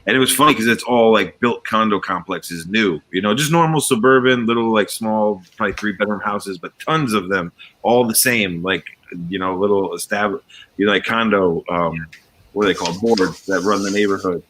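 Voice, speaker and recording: A man's voice: on the low side, normal speed, a bit bright. A man with a slight New York area accent, from coastal Connecticut, hosting a livestream and rambling through anecdotes with lots of fillers and acted-out quotes. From coastal Connecticut near New York. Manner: rambling storyteller, many fillers, acts out quoted voices. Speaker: livestream host. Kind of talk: casual chat while building.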